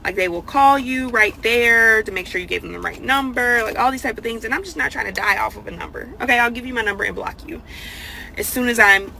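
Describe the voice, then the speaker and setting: A woman telling an animated storytime rant, acting out both sides of the exchange in quoted voices. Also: a little high, fairly quick, vocal fry, a little hiss or hum, rough recording.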